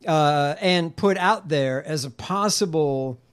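Speaking slowly in a mid-range voice, a political talk show co-host reads news stories and quotes aloud. Now and then the co-host stumbles over names, mixing them up and correcting course.

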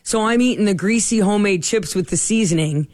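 A middle-aged woman spins a story in an animated, chatty way, slipping into the voices of the people she quotes. The sound is close and dry, with no room around her. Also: medium pitch, brisk, no echo. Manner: animated, acts out quoted dialogue. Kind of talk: casual storytelling chat.

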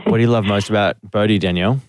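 A man's voice: fairly low pitch, fairly even intonation, rapid-fire, no room sound, clean studio sound. An Australian man hosting a radio show, talking in an easygoing, chummy way and laughing often. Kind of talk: casual radio banter.

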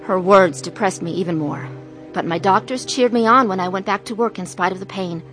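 A woman's voice: mid-range voice, fairly quick, over music, natural voice. An actress playing a middle-aged wife who narrates her own troubled story in an earnest, confessional way. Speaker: narrator and main character. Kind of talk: dramatized testimony narration.

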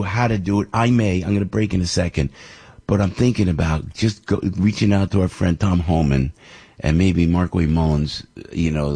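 A man's voice: low voice, slightly rough. Fired-up older New man ranting. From New Jersey. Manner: fired-up, indignant, rising to near-shouting. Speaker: radio show host. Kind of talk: political commentary rant.

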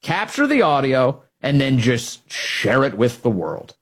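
A man's voice: medium pitch, big pitch swings, a little slow. A man hosting a political commentary show, speaking emphatically and indignantly and repeating key phrases.

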